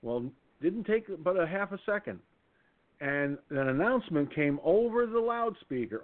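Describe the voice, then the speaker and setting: A talk radio host, a man, spins a rambling story, his voice rising and falling with plenty of swing. He sits a little high for a man and keeps stumbling into restarts. The sound is thin and tinny, like a phone line. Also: normal speed. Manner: animated, rambling anecdote with repeated restarts. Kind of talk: casual storytelling on a call-in radio show.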